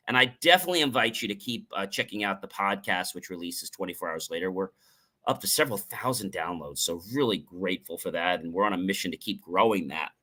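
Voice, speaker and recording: A middle-aged man hosting a motivational talk show, speaking emphatically and playing with stress and tone to make his points. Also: sharp tone. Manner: emphatic, varies stress and tone to demonstrate meaning; salesy, upbeat sign-off pitch. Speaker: host.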